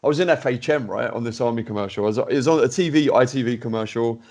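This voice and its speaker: Man telling a lively story. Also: mid-range voice, quick pace. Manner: animated anecdote-telling, with many fillers and restarts. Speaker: podcast host. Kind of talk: casual storytelling chat.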